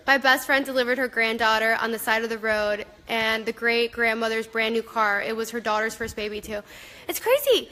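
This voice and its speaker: A woman's voice: a little high, a little fast, pushed and bright, in a large hall. A woman author chatting casually on a live video, telling rambling stories with many fillers.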